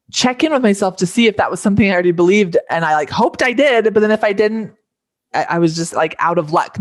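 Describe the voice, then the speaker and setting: Low, dry-voiced woman guest. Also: no echo. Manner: earnest, thinking aloud with many fillers. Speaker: podcast guest, life coach. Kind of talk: casual conversational interview.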